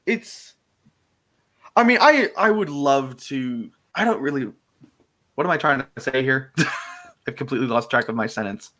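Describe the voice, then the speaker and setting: A young man talks in an easygoing, rambling way, breaking into laughs and quick impressions. His voice is lively and swings widely in pitch as he chats. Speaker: fan-film actor and co-host. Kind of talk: casual chat.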